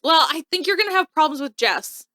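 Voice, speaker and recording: A woman co-host talks through a TV episode in relaxed, chatty fashion, full of "like" and asides. Her voice is bright and very lively in pitch. The sound is dry and close. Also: a little fast, no room sound. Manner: lively, animated retelling with frequent "like". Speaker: co-host recapping a TV show. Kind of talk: casual chat.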